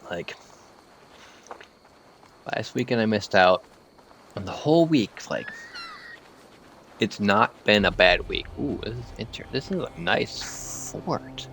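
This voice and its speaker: A man's voice: on the low side, big pitch swings, measured pace, creaky, pauses often, fairly bright tone, a little hiss or hum. A man streaming while gaming, chatting in a rambling way and slightly slurring his words. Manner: rambling, full of "like" fillers. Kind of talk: casual live-stream chat while gaming.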